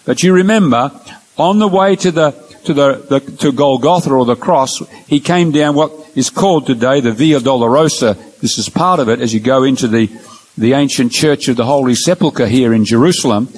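A man giving an illustrated Bible lecture, explaining step by step through numbered points in an earnest, measured way. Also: medium pitch, a little mellow, poor audio. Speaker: Bible teacher.

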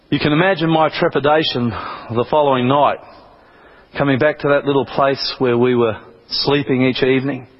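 A man's voice: mid-range voice, fairly even intonation, moderate pace. A man from Australia, a preacher telling a testimony in an earnest, dramatic way with repeated phrases, on a dull lo-fi recording. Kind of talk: sermon testimony.

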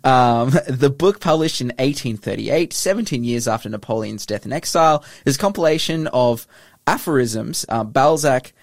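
A man's voice: mid-range voice, lively intonation, normal speed, gravelly, dry recording. A man co-hosting a radio show, playful and laughing often while reading out listener messages. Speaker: radio co-host. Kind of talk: casual radio chat.

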